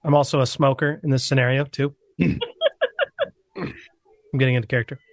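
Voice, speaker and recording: A man's voice: mid-range voice, steady tone, brisk, no room sound. A man chats on a podcast panel, rambling and poking fun at himself. His voice sounds dry and close to the mic. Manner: rambling, self-mocking. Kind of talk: casual joking chat.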